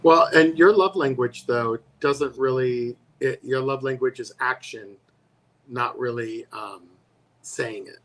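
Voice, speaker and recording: A man's voice: medium pitch, slow, fairly bright tone. A man co-hosting a talk show, chatting casually and rambling with many restarts. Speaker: co-host. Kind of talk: casual chat.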